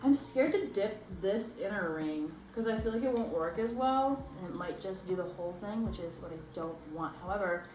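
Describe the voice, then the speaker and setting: A young woman chatting casually while doing a craft project, bubbly and excitable, gasping and squealing as she goes. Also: mid-range voice, moderate pace, hardly any pauses. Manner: vocal tics. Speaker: crafting vlogger. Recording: echoey room with faint background noise.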